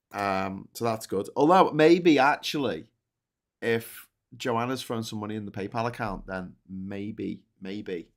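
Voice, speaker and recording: A man's voice: fairly low pitch, takes it slowly. A British man co-hosting a live news stream in casual chat, rambling, restarting his sentences and cracking jokes. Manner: rambling, self-correcting, jokey.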